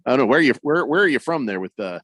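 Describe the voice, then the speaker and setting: A man co-hosting a sports radio show, reading listener messages out loud and riffing on them in a loose, joking way with plenty of fillers. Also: medium pitch, expressive, racing, dry recording. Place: radio studio.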